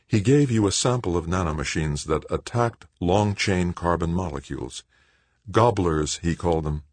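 Male narrator playing a icy, husky, low-voiced avenger, flat delivery, dry close read. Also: moderate pace, dry recording. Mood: cold. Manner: cold, hushed, flat. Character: cold vengeful bitter woman.

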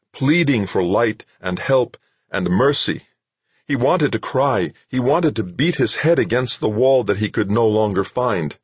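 A man's voice: deep voice, slightly rough, dry recording. A man narrating an audiobook with dramatic, tense storytelling.

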